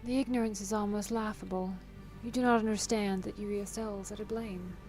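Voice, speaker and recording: A woman's voice: medium pitch, steady tone, brisk, a little mellow, soft background music, natural voice. Woman reading as a solemn male villain. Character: cold, grandiose male villain scholar.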